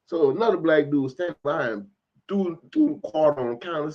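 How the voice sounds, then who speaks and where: A man's voice: a little high, animated, brisk, darkish tone, highs cut off. A man ranting in a heated, profane commentary for his vlog, cursing often and stressing his points. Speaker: vlogger commentator.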